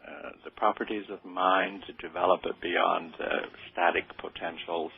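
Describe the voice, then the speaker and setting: A deep, gravelly voice of an older man, answering interview questions in a modest, halting way. His voice is husky and sounds thin, as if heard over a phone line. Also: fairly even intonation. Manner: hesitant, modest, with many fillers. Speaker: interview guest. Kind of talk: radio interview. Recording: tinny phone-like radio sound.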